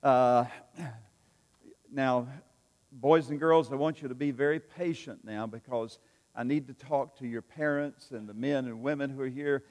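A man's voice: mid-range voice, darkish tone, long reverb tail. A man preaching a sermon to his congregation, telling a folksy story full of fillers and restarts. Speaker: pastor. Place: church sanctuary.

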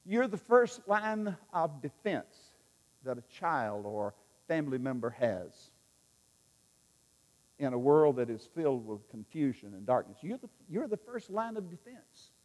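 A man's voice: on the high side, big pitch swings, unhurried, a little mellow. A man preaching a sermon, emphatic and repetitive, leading his listeners in repeating lines. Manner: emphatic, repetitive, leads the audience in call-and-response. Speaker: pastor. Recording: long reverb in a large hall.

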